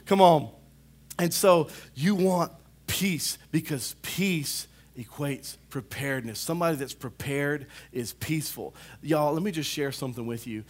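A man preaching a sermon, animated, rising to loud calls and dropping to hushed asides, often saying "come on" to the congregation. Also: on the high side, a little slow.

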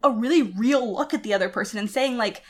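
A woman with a fairly high voice talks through a favorite story in a loose, casual way. She laughs often and fills her sentences with little fillers. She is animated and enthusiastic as she goes. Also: fast talker. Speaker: podcast co-host. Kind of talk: casual chat about a story.

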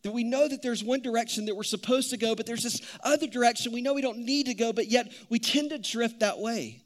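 A man in his thirties preaching a sermon, telling stories in an animated, conversational way. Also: very high voice, brisk. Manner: animated storytelling, conversational with many "like"s. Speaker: pastor.

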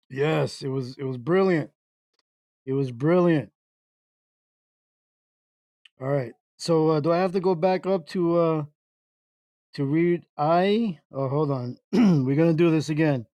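A man hosting a casual internet radio show, reading chat messages aloud in a slow, halting way and breaking into laughter. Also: fairly high pitch, mellow, dry recording.

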